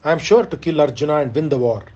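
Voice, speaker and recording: A man reading aloud as a proud, doomed male warrior, bitter and resigned, in a measured, solemn way. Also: fairly high pitch, lively intonation, a little mellow, lo-fi sound. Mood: solemn resolve.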